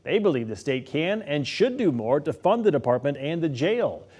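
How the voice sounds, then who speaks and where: A man anchoring a late-night local newscast, reading stories in a steady, measured way. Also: on the high side, husky. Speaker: news anchor. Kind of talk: scripted news reading.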